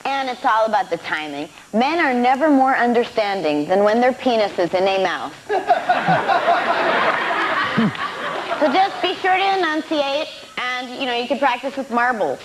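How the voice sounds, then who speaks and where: A woman on a comedy panel, giving shocking advice in a sweet, deadpan tone. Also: fairly high pitch, a little slow, pauses often, very noisy.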